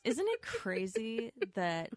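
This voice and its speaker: A woman's voice: fairly high pitch, huge pitch swings, slow pace, no room sound, studio quality. Chatty, joking woman comedian. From Twin Cities, USA. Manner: chatty, joking, laughs often. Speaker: comedian, podcast guest. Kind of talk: casual chat.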